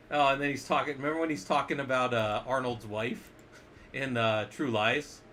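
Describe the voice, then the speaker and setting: A man's voice: medium pitch, steady tone, a little slow, bright, forceful tone, slight background noise. Playful man teaching in a casual lesson. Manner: playful, jokey, asks the viewers questions. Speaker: instructor. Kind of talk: casual screen-share lesson.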